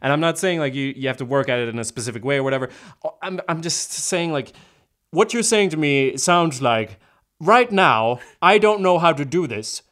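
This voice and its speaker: A man's voice: fairly high pitch, lively intonation, moderate pace, fairly bright tone. A man talking in casual chat, frank and ranting, swearing freely. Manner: frank, swears a lot, rants.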